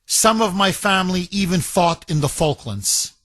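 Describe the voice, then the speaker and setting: A man hosting a talk radio show, reading a listener's letter aloud with slow, emphatic delivery and repeated lines for weight. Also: high voice, expressive, fairly bright tone, dry recording.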